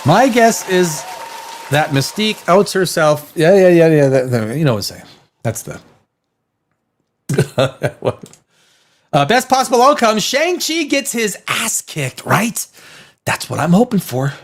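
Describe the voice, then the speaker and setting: A man's voice: sits high, big pitch swings, a little slow, pauses often, some chatter behind. A man hosting a live movie news stream, reading viewer comments in a crude, rambling way and laughing often. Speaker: host.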